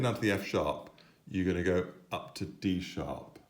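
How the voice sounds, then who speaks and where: A man's voice: low-pitched, fairly quick. A man teaching children a piano piece, patient and encouraging, sometimes singing the note patterns. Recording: roomy echo, piano playing.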